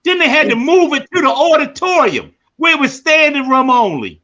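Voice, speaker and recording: A man hosting a live podcast, telling stories in an animated way that climbs into emphatic shouts. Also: very high-pitched, moderate pace, muffled recording. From Baltimore. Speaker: podcast host. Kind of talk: live storytelling monologue.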